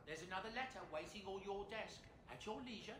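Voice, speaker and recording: An actor playing a courteous household servant in a video game, announcing a letter. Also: male voice, high-pitched, fast talker, a bit bright, slight background noise. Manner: courteous, deferential.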